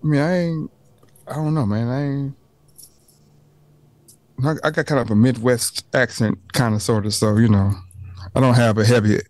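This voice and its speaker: A man's voice: mid-range voice, moderate pace, long pauses, darkish tone, no room sound. A man with a Texas accent, co-hosting a podcast in casual, joking banter full of slang. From Texas, Houston's Third Ward. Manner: laid-back, joking, slangy. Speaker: podcast co-host.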